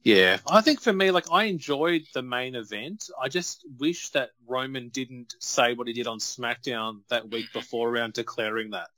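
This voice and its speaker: A man, co-hosting a casual wrestling chat and telling stories in a chatty, animated way. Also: medium pitch, moderate pace, hardly any pauses, no echo. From Australia. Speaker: podcast co-host.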